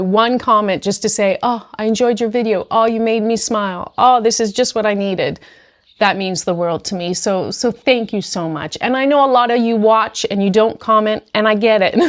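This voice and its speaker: A woman speaking casually to camera as a puzzle vlogger, emotional and grateful, often repeating her thanks. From New Zealand. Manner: talks to her dog in a high baby voice. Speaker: jigsaw puzzle YouTuber. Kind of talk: casual vlog chat to camera.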